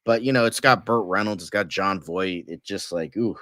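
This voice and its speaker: Rambling, cussing man with a low voice. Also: moderate pace, a bit bright, no echo, studio quality. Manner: rambling, swears freely, many fillers. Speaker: podcast co-host. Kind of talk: casual movie chat.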